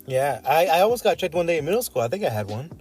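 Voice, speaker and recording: A man's voice: a little high, very animated, fast talker, darkish tone, soft background music. A young man hosting a casual podcast chat, eagerly steering the talk and laughing often. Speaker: podcast host.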